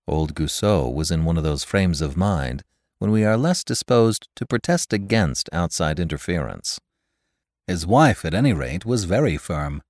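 A man narrating a classic story in an expressive, scripted reading. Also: low voice, moderate pace, no room sound, clean studio sound. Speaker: podcast narrator.

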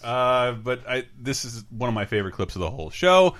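A man's voice: medium pitch, very animated, fairly quick, fairly bright tone. A man co-hosting a podcast, chatting casually with enthusiasm and frequent laughter. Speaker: podcast co-host. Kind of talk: casual chat.

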